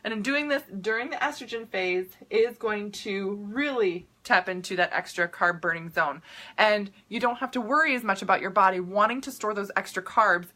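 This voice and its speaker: A young health coach and podcast host with a Minnesota accent chats casually and upbeat on a live stream to viewers, full of ums and restarts. Her voice is medium-pitched with a sharp tone, at a moderate pace.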